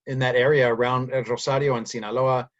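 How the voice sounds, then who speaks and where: A man's voice: medium pitch, flat delivery, a little fast, highs cut off. Reflective man. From United States. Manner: thoughtful, frequent "right?" and "you know" tags. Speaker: speaker recounting his language history. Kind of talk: reflective personal monologue.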